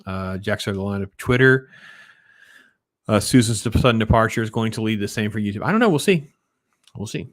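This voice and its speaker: Male livestream host, low voice, opinionated, dry close sound. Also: lively intonation, fairly quick, pauses often, dry recording. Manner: opinionated, reacts to chat comments. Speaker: podcast host. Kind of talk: casual livestream chat.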